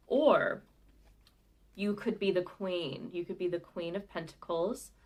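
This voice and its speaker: A woman giving a live tarot reading in a relaxed, conversational way. She speaks in a slightly low voice and often pauses on soft fillers as she follows her intuition. The delivery is gentle and friendly. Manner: chatty, gentle and intuitive, with frequent "like" and "um". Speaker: tarot card reader. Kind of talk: live pick-a-card reading.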